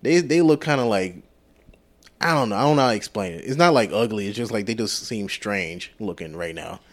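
A man with a lowish voice co-hosts a podcast in relaxed, rambling conversation. He talks loosely and profanely, stumbling through fillers and restarts as he works his way to a point. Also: a little fast. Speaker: podcast co-host. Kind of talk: casual chat.

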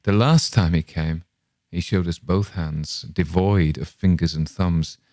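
A man hosting a show, reading a horror story aloud in a measured, dramatic way. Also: sits low, a little mellow, dry recording, clean studio sound. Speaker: host and reader.

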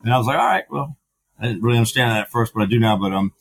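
A man's voice: fairly low pitch, steady tone, racing, poor audio. A middle-aged man, a podcast guest, telling his story candidly, with frank, profane talk full of fillers and restarts.

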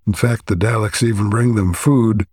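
A man co-hosting a podcast, recapping a story's plot in a relaxed, halting way with frequent pauses. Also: on the low side, husky, dry recording. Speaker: podcast co-host.

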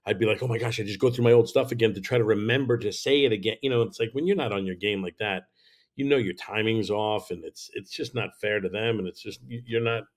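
A man's voice: on the low side, fast talker. A man who is a comedian guest on a podcast, talking casually and openly and teasing his host now and then. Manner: candid, easygoing, teasing. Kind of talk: casual conversation.

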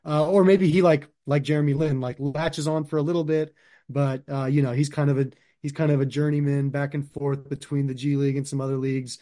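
A man's voice: a little high, level tone, brisk, warm tone. A man co-hosting a casual sports podcast, talking loosely and hesitantly with many fillers. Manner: loose and hesitant, full of "like" and "you know". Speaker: podcast co-host.

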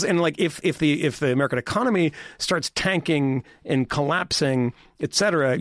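A man's voice: on the high side, dry recording, clean studio sound. A man on a podcast panel talking politics in casual chat, rambling and interrupting himself with repeated words.

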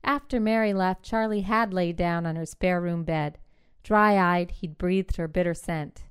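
A woman reading a short story aloud in measured, clipped phrasing. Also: fairly low pitch, clear, resonant tone. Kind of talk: literary fiction reading.

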